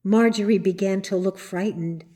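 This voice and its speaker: A woman reading a children's story aloud in measured, gentle narration. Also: medium pitch. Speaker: reader. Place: church.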